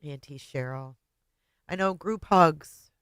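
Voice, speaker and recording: A woman hosting a livestream and talking casually to her viewers, tearful, halting and often trailing off quietly. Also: low voice, clean tone, dry recording. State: tearful, voice breaking. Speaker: livestream host.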